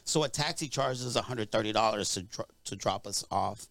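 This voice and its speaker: A man's voice: fairly low pitch, moderate pace, vocal fry, a bit bright, no room sound. A young man co-hosting a podcast, telling a long, rambling story with lots of asides. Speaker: podcast co-host. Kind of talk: casual storytelling.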